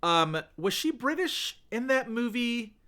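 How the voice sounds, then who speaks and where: Bright, rambling male podcast co-host. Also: extremely high pitch, big pitch swings, a little slow. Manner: chatty, rambling with many fillers. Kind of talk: casual chat.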